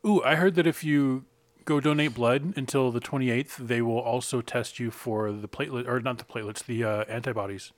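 Chatty guy cohosting a podcast, gets excited fast. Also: medium pitch, dry recording. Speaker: podcast co-host. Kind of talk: casual podcast chat.

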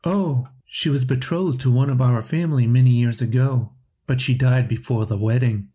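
A man's voice: medium pitch, moderate pace, dark tone, breathy edge, natural voice. A man voicing a chatty older aunt in a storybook reading, speaking offhandedly. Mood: offhand.

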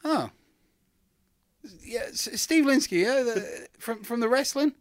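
A man's voice: very high voice, lively intonation, slow pace, dry recording, clean studio sound, pitched above the performer's own voice, exaggerated voice. A man acting out a surprised male caller on the phone, in a raised voice. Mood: puzzled.

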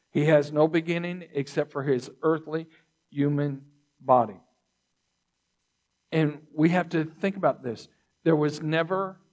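Pastor, male, measured sermon delivery; unhurried pace, voice on the higher side. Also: darkish tone. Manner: slow, deliberate teaching with repeated phrases; throat clearing between points.

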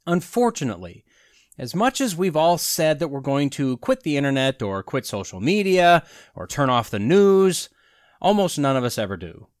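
Sardonic, lively man in his forties. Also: fairly high pitch, normal speed, no room sound, clean studio sound. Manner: sardonic, rhetorical questions, chuckles at own jokes. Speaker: podcast host. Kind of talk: casual opinion monologue.

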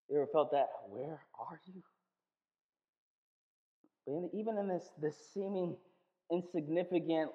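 High, lively man preaching in a hall. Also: muffled recording. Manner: conversational, playful, swings between loud and hushed. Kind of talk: sermon.

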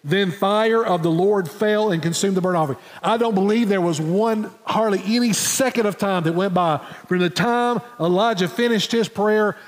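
Preacher guy, kinda high voice, big echoey church, repeats himself telling the story. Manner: storytelling preacher, dramatic pauses, repeats words. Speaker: pastor. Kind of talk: sermon. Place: church sanctuary.

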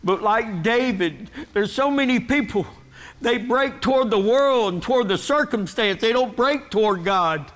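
Preaching in a church sanctuary, this middle-aged guest preacher has a high, expressive, somewhat bright voice and an unhurried pace. His sermon is earnest and emotional, building and pressing harder as he's stirred.

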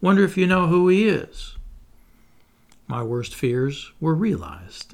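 A man reading a first-person memoir aloud in a measured, solemn way. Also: medium pitch, creaky. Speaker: audiobook reader.

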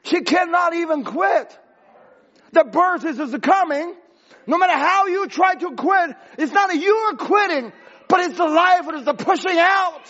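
A man preaching a sermon as pastor, impassioned and rising to shouts, with broken grammar. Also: very high-pitched, lively intonation, moderate pace, highs cut off.

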